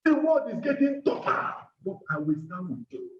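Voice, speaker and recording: A man leads a fervent prayer sermon in a strikingly high voice, his words bursting out at times into shouting and speaking in tongues. The recording sounds dull and lo-fi, caught in an echoing room. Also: very animated, moderate pace. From Nigeria. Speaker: preacher leading prayer.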